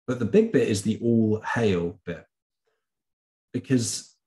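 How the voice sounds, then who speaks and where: A man with a low, mellow voice walks students through a revision lesson. He talks casually to the camera and often stops to correct himself or fill a pause with an um. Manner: chatty, with frequent ums and self-corrections. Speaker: teacher. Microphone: camera recording.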